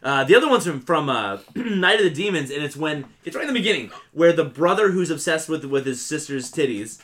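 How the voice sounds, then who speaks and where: A man chatting casually about horror films on a podcast, lively and laughing, with many fillers. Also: on the high side, brisk. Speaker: podcast co-host.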